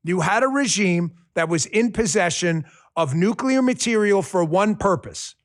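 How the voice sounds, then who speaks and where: A middle-aged man hosting a political podcast, combative and mocking, who swings from shouted insults to quiet muttered asides. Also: high-pitched, lively intonation, moderate pace. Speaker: podcast host. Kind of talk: political commentary.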